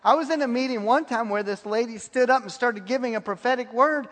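A man with a high voice preaches a sermon in a church hall, telling stories and laughing at his own anecdotes. His words ring out with a long reverb off the walls. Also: a little fast, fairly bright tone.

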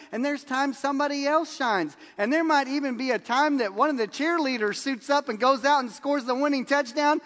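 A pastor preaches a sermon in a very high male voice, the sound carrying like a big room. He tells stories with animation, acting out the lines people said and laughing along.

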